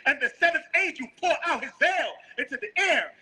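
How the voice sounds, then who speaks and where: Man, scripture reader, very high voice, piercingly bright, short loud replies. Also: lively intonation, fairly quick. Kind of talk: reading scripture aloud.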